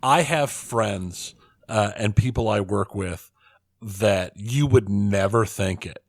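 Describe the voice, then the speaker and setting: A man co-hosting a casual podcast chat, agreeable and chatty, quick to back up his co-host. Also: on the low side.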